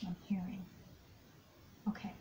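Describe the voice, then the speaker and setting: A woman giving an intuitive tarot card reading, speaking softly and often dropping into whispers. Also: medium pitch, flat delivery, a little slow, noisy background. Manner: soft-spoken, slips into whispers often. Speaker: tarot and astrology reader.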